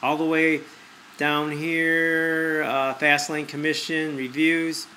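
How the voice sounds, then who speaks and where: A man's voice: on the high side, level tone, slow pace, pushed and bright, a little hiss or hum. A man giving a persuasive screen-recorded review, repeating his points and asking rhetorical questions. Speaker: online marketer.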